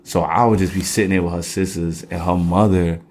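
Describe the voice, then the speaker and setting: A man's voice: deep voice, fairly even intonation, a little fast, darkish tone, slight background noise. A young adult man co-hosting a podcast in casual chat, slangy and joking, teasing playfully. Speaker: podcast co-host.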